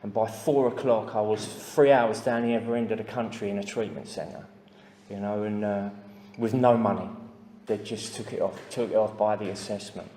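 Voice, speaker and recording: A man's voice: on the low side, fairly even intonation, normal speed, warm tone, slight background noise. English man telling his recovery story, plain talk, lots of fillers, echoey hall with long reverb. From England. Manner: plain-spoken, many fillers and asides. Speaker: speaker sharing recovery story. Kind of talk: personal testimony to a recovery meeting.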